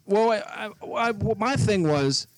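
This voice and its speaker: A man's voice: high-pitched, animated, unhurried. A man co-hosting a podcast, telling a story in casual chat and acting out both sides of an argument. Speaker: podcast co-host.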